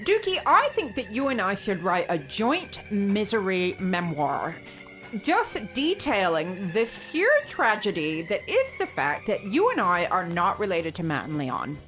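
A woman's voice: medium pitch, huge pitch swings, measured pace, a bit bright, faint music behind. A woman in casual podcast chat, gushing with theatrical exaggeration. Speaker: podcast co-host.

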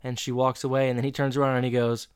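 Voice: medium pitch, level tone, fast talker, clear, resonant tone, no room sound. Podcast co-host, playful, casual recap, character voices, dry recording. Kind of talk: casual chat recapping a TV episode.

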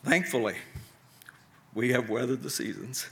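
A middle-aged man preaching a sermon in a bright, clear voice. His delivery is earnest and unhurried, and he pauses between his points. He speaks at an ordinary middle pitch. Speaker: pastor.

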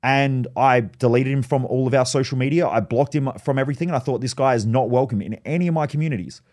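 A man's voice: medium pitch, quick pace, a little mellow. A man hosting a solo podcast, telling stories in a blunt, profane way. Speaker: podcast host.

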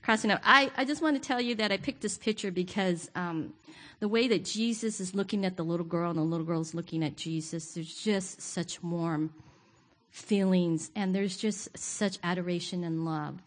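A woman's voice: lowish voice, moderate pace. A woman giving a sermon to her church, candid and self-deprecating, often laughing. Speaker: guest preacher. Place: church sanctuary.

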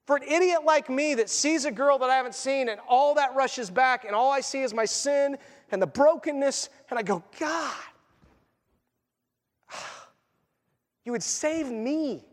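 Pastor, male, high voice, animated sermon delivery, long church reverb. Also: a little fast. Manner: animated, acts out voices and jokes.

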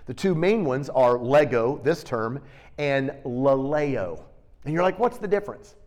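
A middle-aged man preaching a sermon, teaching with animated, emphatic bursts and storytelling. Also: medium pitch, takes it slowly.

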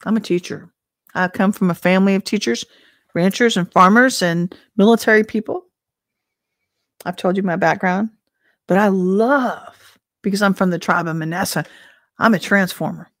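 A woman who teaches and ministers offers informal prophetic teaching in a conversational style, packed with rhetorical questions and the odd throat clearing. Her mid-range voice moves at a moderate pace with long pauses. The recording is studio quality, with no room sound.

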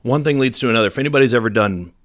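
A middle-aged man, a police officer telling an animated, self-deprecating story to an audience in a casual way. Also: medium pitch, very fast.

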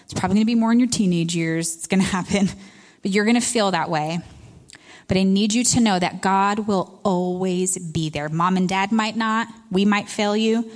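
A woman's voice: mid-range voice, normal speed. A woman in her thirties, a retreat speaker, giving a candid, conversational sermon and laughing at herself along the way.

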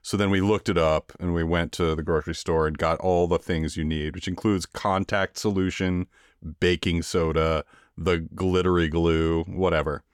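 Low-voiced laid-back Midwestern man. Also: steady tone, normal speed, clean tone, no room sound, clean studio sound. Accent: Midwestern American. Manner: laid-back, joking, tired. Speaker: podcast co-host. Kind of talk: casual chat.

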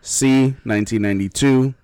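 A man hosts a casual quiz among his friends, reading each option out slowly and breaking into easy laughs. His pitch sits in the middle and stays level. The sound is dry and close. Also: mellow, clean tone, no echo. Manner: playful, laughs often, reads answer options slowly. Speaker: quiz host.

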